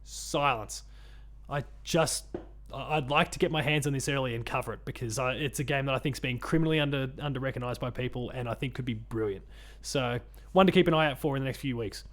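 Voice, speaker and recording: A man's voice: mid-range voice, quick pace. Rambling man co-hosting a podcast. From Australia. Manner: rambling, lots of ums and restarts, laughs often. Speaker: podcast co-host. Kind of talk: casual chat.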